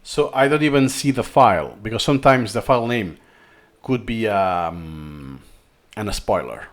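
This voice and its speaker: A man's voice: fairly low pitch, animated, measured pace. A man with a Spanish accent, a native Spanish speaker from Spain, explaining a learning tutorial and thinking aloud as he goes. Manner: thinking aloud, repeats himself. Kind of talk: screen-recorded tutorial talk.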